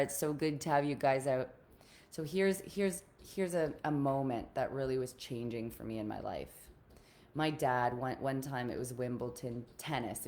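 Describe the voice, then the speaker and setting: A woman's voice: very deep voice, a little mellow. A woman relationship coach telling a personal story to listeners on a live call, in an earnest, confiding way that speaks straight to them. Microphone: video call.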